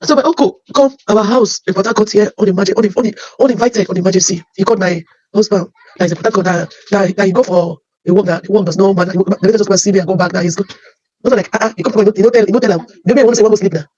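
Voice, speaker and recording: A woman with a Nigerian accent telling her life story as emotional personal testimony, halting and often repeating her phrases. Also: medium pitch, darkish tone, breathy edge, no echo, lo-fi sound.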